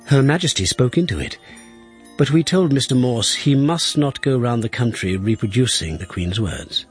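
A man's voice: medium pitch, lively intonation, moderate pace, soft background music, natural voice. A man reading aloud as a formal, genial Victorian royal secretary writing a letter. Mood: measured. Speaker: reader of a historical letter.

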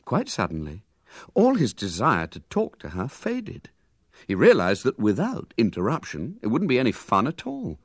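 A man reading a children's story aloud with lively, animated narration. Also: mid-range voice, normal speed, husky, no echo, studio quality.

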